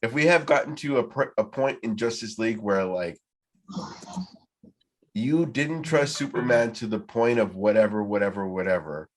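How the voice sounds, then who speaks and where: A man's voice: on the low side, animated, normal speed. A man hosting a casual podcast trivia night, rambling and swearing freely as he talks. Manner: rambling, heavy swearing, loose and profane. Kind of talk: casual group chat.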